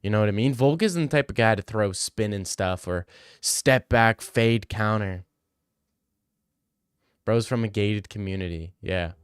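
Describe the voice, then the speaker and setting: A young man chats casually on a livestream, reading viewer questions aloud and riffing back in loose slang. His voice sits on the low side and sounds smooth and clear. The sound is close and dry. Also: unhurried, no echo. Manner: slangy, joking, reads chat questions aloud then riffs. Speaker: livestream host answering chat.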